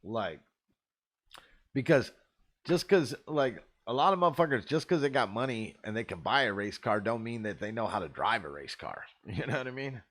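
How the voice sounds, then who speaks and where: A man's voice: medium pitch, lively intonation, moderate pace, a bit bright. A man host telling rambling, profane stories in a laid-back, casual way. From Arizona. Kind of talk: casual storytelling.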